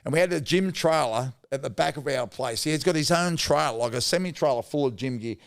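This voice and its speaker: A man's voice: on the high side, brisk, vocal fry. A middle-aged Australian man telling rambling, blokey anecdotes as a podcast guest, with mild swearing. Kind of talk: casual storytelling.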